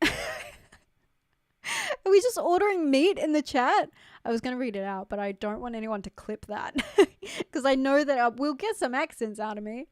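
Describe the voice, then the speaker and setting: A young woman chats with her livestream viewers in a loose, rambling way, leaning on "like" and tossing in casual swears. Her voice sits a little high and comes across smooth and clear. The sound is close and dry, with no room echo. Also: brisk. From New Zealand. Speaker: streamer. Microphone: studio mic.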